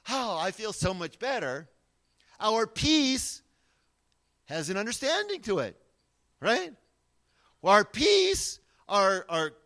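A man preaching a sermon, swinging between loud emphatic lines and hushed, quiet asides. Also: high voice. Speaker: pastor.

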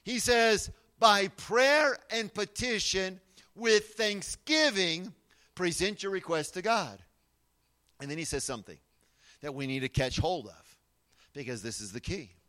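A man preaching a sermon, swinging between loud emphatic lines and hushed, quiet asides. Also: high voice, lively intonation, unhurried. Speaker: pastor.

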